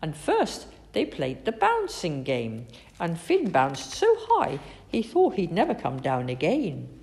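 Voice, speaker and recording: A woman reading a children's story aloud in an expressive, sing-song way. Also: low voice, slow, vocal fry.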